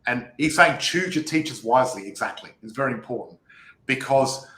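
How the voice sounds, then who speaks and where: A man's voice: medium pitch, expressive, fairly quick, a bit bright. A man hosting a live stream, talking upbeat and directly to his viewers. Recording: echoey live stream audio.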